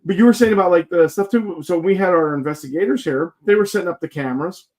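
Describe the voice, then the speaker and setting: A man's voice: sits high, fast, darkish tone. A man telling ghost stories in casual chat as a guest paranormal investigator, joking and rambling with many fillers.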